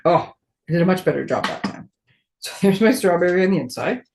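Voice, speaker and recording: In a brisk, low-pitched voice with vocal fry, a darkish tone, and lively intonation, a woman hosts a casual live crafting session, guiding viewers step by step. There's a little hiss or hum. She's friendly and chatty, thinking aloud as she works and laughing off her clumsiness.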